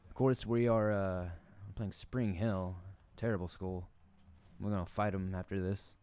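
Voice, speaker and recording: A man's voice: deep voice, fairly even intonation, measured pace, mellow, clear, resonant tone. A man from the Southern US streaming a football game, giving laid-back, joking play-by-play and laughing often. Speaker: gaming streamer. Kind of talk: casual gaming commentary.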